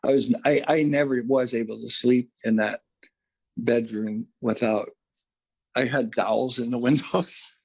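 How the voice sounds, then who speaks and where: A man as an interview guest, earnestly recounting a personal experience, halting and restarting often. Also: mid-range voice, fairly even intonation, vocal fry, a little mellow, husky.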